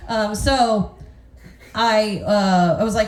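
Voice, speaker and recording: A woman's voice: medium pitch, fairly even intonation, slow. A woman in her thirties doing a brash, self-mocking stand-up set with crude punchlines, on a club stage with a handheld mic. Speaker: stand-up comedian. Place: comedy club stage with live audience. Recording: echoey club with audience noise.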